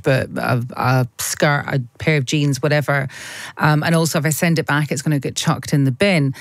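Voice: mid-range voice, dry recording, studio quality. A host asking questions and musing aloud in a radio discussion, hesitant with many restarts. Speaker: show host.

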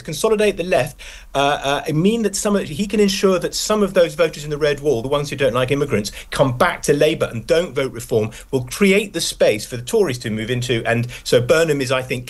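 Rambling opinionated man. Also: a little high. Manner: rambling, opinionated, lots of restarts. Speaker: guest commentator. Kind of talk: casual political chat.

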